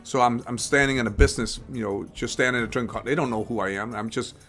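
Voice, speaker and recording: A man talks off the cuff on a live stream, circling back and restarting his sentences as he goes. His voice sits at an ordinary middle pitch, with a trace of music far behind him. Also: fast talker, fairly bright tone. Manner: rambling, repeats and restarts phrases, acts out quoted people. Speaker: host of a live investing show. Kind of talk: casual live-stream talk.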